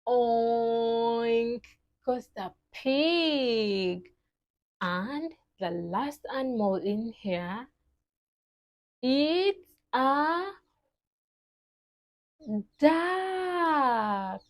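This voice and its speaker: A young woman leads a lesson for toddlers in a fairly high voice. She speaks very slowly and cheerfully in an exaggerated sing-song, stretching words and imitating animal sounds. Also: very animated. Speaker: children's teacher.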